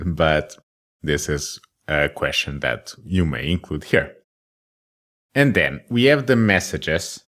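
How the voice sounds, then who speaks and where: A man's voice: low-pitched, fairly bright tone. A man teaching a casual coding tutorial, thinking aloud with many ums and self-deprecating jokes. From Germany. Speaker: course instructor.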